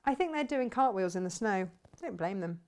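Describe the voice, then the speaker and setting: A woman's voice: medium pitch, animated, brisk, a little mellow. A middle-aged woman hosting a casual live fabric shop stream, chatting, reading out viewer comments and laughing often.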